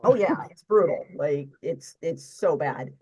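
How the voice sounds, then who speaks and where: A woman's voice: low-pitched, animated, a little slow, darkish tone, slightly rough, highs cut off. A woman co-hosting a casual live chat, rambling and wry. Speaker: co-host.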